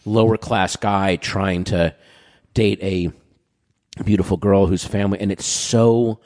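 A middle-aged man chatting casually, telling stories and acting out quotes, with a dry voice and frequent throat-clearing. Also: low voice, a little slow, long reverb tail. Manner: animated storyteller, acts out quotes. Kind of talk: casual chat.

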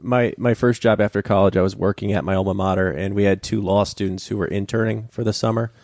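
A man in casual chat, telling relaxed stories about music and his college years. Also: lowish voice, fast talker, dry recording, studio quality.

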